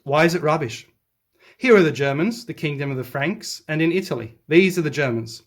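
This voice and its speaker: Reading an article aloud, a history commentator rebuts it as he goes, talking a little fast. He's excitable and sarcastic, and his pitch jumps suddenly whenever he hammers a point.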